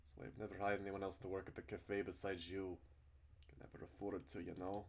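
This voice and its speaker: Self-loathing middle-aged uncle, deep voice, anguished self-pitying outbursts, guilt-ridden, loud cracking cries of remorse, as a man reads him out in his own low voice. The lines run heavy with despair and bitterness, and he never lets anyone comfort him. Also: flat delivery, a little fast, gravelly. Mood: weary.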